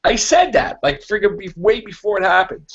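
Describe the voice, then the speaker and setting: A man with a slightly raised voice rambles through a casual podcast chat, animated and full of acted-out quotes. The sound is dull and lo-fi. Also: high voice, moderate pace, breathy edge. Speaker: podcast co-host.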